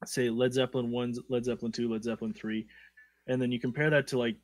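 A man's voice: medium pitch, little pitch movement, fast talker. A man co-hosting a casual podcast, talking in a conversational way and often checking in with "right?". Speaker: podcast co-host.

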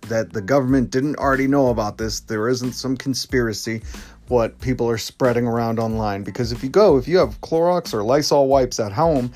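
A man hosting his own podcast, talking casually in a rambling, jokey way with lots of asides. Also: medium pitch. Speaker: podcast host. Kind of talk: casual solo podcast monologue.

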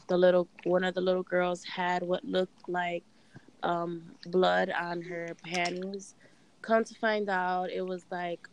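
Young woman co-host, low unhurried voice, relaxed storytelling. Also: slight background noise. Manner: laid-back storytelling with fillers. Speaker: podcast co-host. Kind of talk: casual chat.

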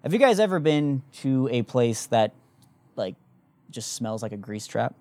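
A young man in casual chat, telling a story with lively energy and plenty of swearing. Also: mid-range voice, unhurried. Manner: animated storytelling, swears freely.

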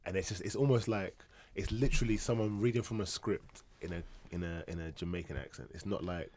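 Fast-talking low-voiced man chatting. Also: darkish tone, slight background noise. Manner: quick, slangy, repeats "yeah, yeah". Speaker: podcast co-host. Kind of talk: casual chat.

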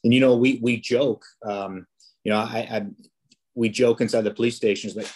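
A man's voice: medium pitch, steady tone, moderate pace, darkish tone, slightly rough. A police officer, a man, chatting as a podcast guest, telling stories casually with many restarts and fillers. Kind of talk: casual interview storytelling.

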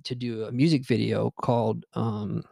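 A man's voice: fairly low pitch, flat delivery, moderate pace, vocal fry, warm tone, no echo. A young man, hosting a podcast and telling a rambling, profane personal story with lots of fillers and restarts. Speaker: podcast host. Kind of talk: casual storytelling chat.

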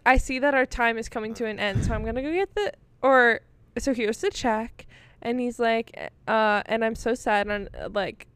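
With a slightly high, smooth voice and no room sound, a young female podcast co-host keeps the chat casual, performing quotes as she animatedly tells her stories.

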